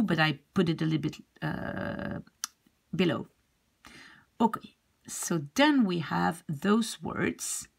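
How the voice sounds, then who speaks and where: A French teacher patiently runs a beginner pronunciation lesson, repeating each letter sound and example word. Her voice is low and husky with a gravelly edge, and she speaks slowly with a lot of rise and fall in pitch.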